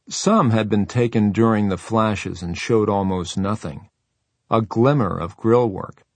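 Male audiobook narrator, low gravelly voice, dry close studio sound. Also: no echo. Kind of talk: scripted narration.

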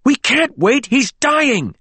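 A man voicing a desperate, frantic young man who shouts and pleads in a raised voice. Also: extremely high pitch, very animated, slow pace, no echo, pitched above the performer's own voice, full character voice.

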